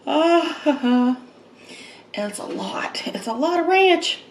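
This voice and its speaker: A woman talks casually to her viewers while she eats, unhurried and chatty. She laughs easily between bites. Her voice carries a roomy echo over a faint hum of noise. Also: high-pitched. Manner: chatty, laughs often, slow and relaxed. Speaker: mukbang vlogger. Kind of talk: casual eating vlog chat. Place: home, eating at a table.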